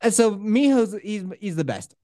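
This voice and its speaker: A man's voice: sits high, very animated, normal speed, warm tone, no room sound, studio quality. A young man co-hosting a podcast, telling a story in a rambling way, swearing and laughing a lot. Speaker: podcast co-host. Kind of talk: casual storytelling chat.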